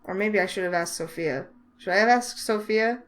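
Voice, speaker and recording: A woman's voice: mid-range voice, moderate pace. A young woman hosting a let's play, musing aloud and second-guessing her choices in a playful way. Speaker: gaming channel host.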